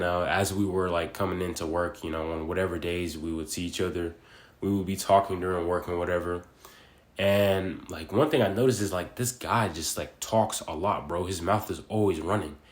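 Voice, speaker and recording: Casting: young guy in his twenties, deep low voice, loose slangy rambling vlog talk. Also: steady tone, a little fast, echoey room. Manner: rambling, slangy, full of fillers like "bro" and "like". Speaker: vlogger. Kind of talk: casual monologue.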